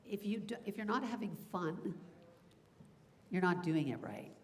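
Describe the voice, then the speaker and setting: A woman who teaches voice acting, speaking on a convention panel in an energetic, demonstrative way and laughing often. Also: on the low side, unhurried.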